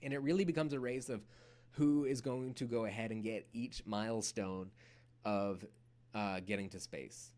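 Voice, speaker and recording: A man's voice: fairly low pitch, moderate pace. Man giving a casual history lecture. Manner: casual, animated storytelling with playful acted-out quotes. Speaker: history teacher. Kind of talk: recorded lecture.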